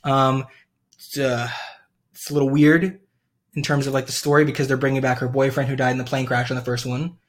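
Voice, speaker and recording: A man's voice: mid-range voice, level tone, brisk. A young man hosting a casual podcast, rambling with many fillers and frequent laughter. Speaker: podcast host. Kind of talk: casual chat.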